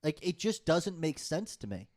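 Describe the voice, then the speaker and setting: A man's voice: fairly high pitch, very animated, normal speed. A man, co-hosting a casual podcast chat and ranting heatedly with plenty of swearing. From United States. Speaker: podcast co-host.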